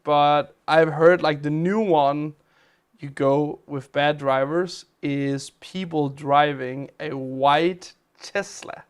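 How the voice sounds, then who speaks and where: A man's voice: on the high side, steady tone, slow, clean tone. A man hosting a game live stream, chatting casually as he plays, with a chatty, rambling manner. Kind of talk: casual live-stream chat while playing games.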